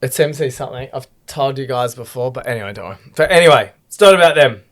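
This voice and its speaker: A man hosting a casual podcast, chatting in an easygoing, halting way. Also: medium pitch, expressive, fairly bright tone. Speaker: podcast host.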